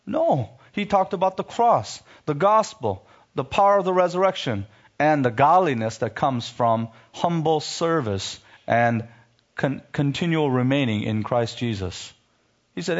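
A man preaching a sermon, reading scripture and rising sharply in pitch when he rebukes, then dropping low for emphasis. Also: lively intonation, normal speed, dull audio.

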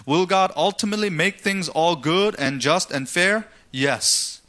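Man, preacher, sermon, bright tone, rhetorical questions, dramatic storytelling. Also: sits high, a little slow. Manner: rhetorical questions, dramatic retelling with acted voices. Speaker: pastor.

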